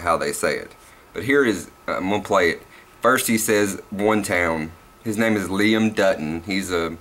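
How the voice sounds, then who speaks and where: Young Southern man, bright edgy voice, rambling and cussing in a casual vlog. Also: sits low. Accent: Southern US, Tennessee. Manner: rambling and profane, laughs at himself. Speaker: vlogger.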